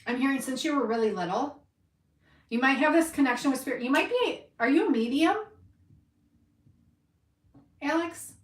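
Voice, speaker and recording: A woman's voice: high voice, expressive, moderate pace, long pauses, roomy sound, recorded from a distance. A woman giving an intuitive reading to a viewer, emphatic and encouraging, swearing freely for emphasis. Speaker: tarot reader.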